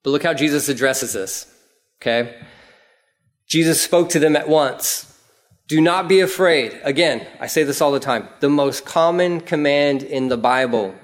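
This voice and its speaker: A man preaching a casual, conversational sermon, telling the story vividly and acting out prayers in a raised voice. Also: normal speed. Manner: animated storytelling, acts out prayers in a raised pitch. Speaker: pastor.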